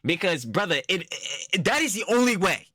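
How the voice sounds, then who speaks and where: A man's voice: sits high, big pitch swings, brisk, sharp tone, no echo, clean studio sound, faint music behind. A young man giving heated, profane, exasperated reaction commentary full of slang.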